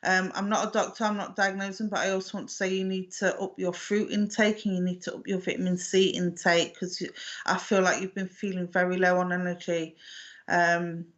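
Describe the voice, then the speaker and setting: A woman, working as a medium in a live online reading, speaking gently and affectionately with many hesitations and restarts. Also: on the low side, level tone, a little fast, lo-fi sound. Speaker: psychic medium.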